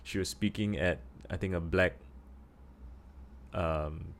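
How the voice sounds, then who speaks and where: Deep-voiced Singaporean man rambling aloud. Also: fairly even intonation, takes it slowly. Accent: Singaporean English. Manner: rambling, thinking aloud with many restarts. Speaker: vlogger. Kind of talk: casual talk to camera.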